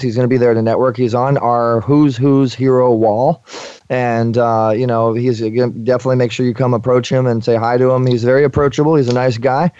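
A man's voice: medium pitch, a little mellow, clean tone, dry recording. Radio host guy, keeps restarting his sentences, dry, kinda dull sound. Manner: halting, many restarts and fillers. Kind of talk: conversational radio interview.

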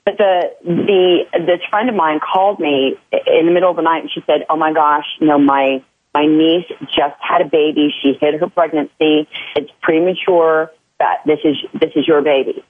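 A woman's voice: low-pitched, fairly even intonation, normal speed. A woman guest in a casual chat who talks candidly and often restarts her sentences. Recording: tinny phone line.

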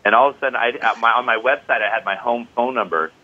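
A man's voice: medium pitch, quick pace. A man who teaches qigong, speaking as an interview guest, enthusiastic and peppered with "you know". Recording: tinny phone-like line.

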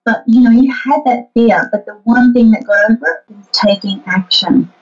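A woman's voice: a little high, moderate pace. Brief: earnest woman guest, upbeat coaching tone, muffled remote-call sound. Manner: earnest, encouraging, acts out quoted thoughts. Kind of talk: interview conversation.

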